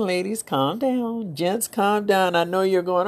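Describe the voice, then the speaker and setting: A middle-aged woman with a low voice hosting her podcast. She rambles through a casual, uplifting monologue full of preachy asides to her listeners. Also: slow, darkish tone. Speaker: podcast host.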